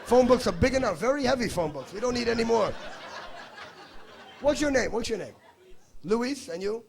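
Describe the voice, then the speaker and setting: Brash, gravelly stand-up comic. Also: male voice, extremely high pitch, expressive, moderate pace, a faint crowd. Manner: brash, teasing, profane. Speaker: stand-up comedian. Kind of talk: stand-up crowd work. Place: comedy stage before a live audience.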